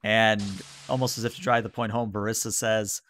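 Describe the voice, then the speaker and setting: A man's voice: on the low side, flat delivery, normal speed, few pauses, fairly bright tone, no room sound, studio quality. Laid-back man narrating as game master. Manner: casual, filler-heavy narration.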